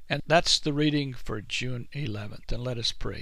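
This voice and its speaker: A man reading scripture aloud in a measured way, then praying, leading a daily reading. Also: medium pitch, gravelly, sharp tone, no room sound. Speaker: Bible reading host.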